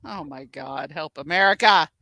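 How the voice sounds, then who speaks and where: A woman co-hosting a casual chat show, laughing often and breaking into loud exclamations. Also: low-pitched, moderate pace, no room sound. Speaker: podcast co-host.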